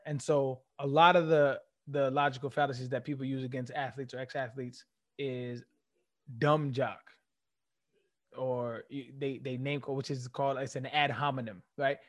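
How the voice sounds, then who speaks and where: A man's voice: mid-range voice, moderate pace. A man from California, a former athlete, telling stories as an interview guest and acting out the people he quotes. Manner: animated storyteller who acts out quotes. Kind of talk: casual interview storytelling.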